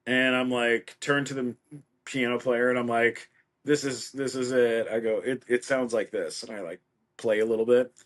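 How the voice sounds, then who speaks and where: Man, middle-aged guest, mid-pitched; animated storyteller who acts out everyone he quotes. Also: normal speed. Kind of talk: casual anecdote.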